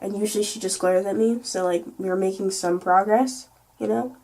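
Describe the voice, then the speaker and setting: A woman's voice: medium pitch, steady tone, moderate pace, a little mellow. A teenage girl telling a casual storytime vlog, chatty and full of "like" and "you know". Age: teens. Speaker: vlogger.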